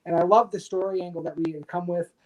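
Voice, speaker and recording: A man in his forties from the United States tells his stories as a podcast guest. He keeps it loose and lively and acts out what other people said. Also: high-pitched, quick pace, muffled recording. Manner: animated storyteller acting out others' quotes. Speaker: guest, retired soldier and pro wrestler. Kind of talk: casual storytelling interview.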